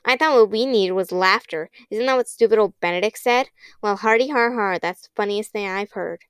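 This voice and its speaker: A woman's voice: medium pitch, normal speed, smooth, no echo, clean studio sound, close to an everyday voice. A woman voicing a cranky, bratty little girl who sneers and snaps in a whiny tone. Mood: cranky, sneering.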